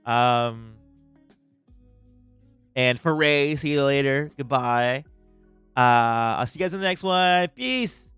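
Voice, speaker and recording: A man chatting casually as a livestream host, relaxed and rambling, with lots of filler words. His voice is smooth and sits a little high, recorded dry and close. Faint music plays underneath. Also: slow, pauses often, no echo.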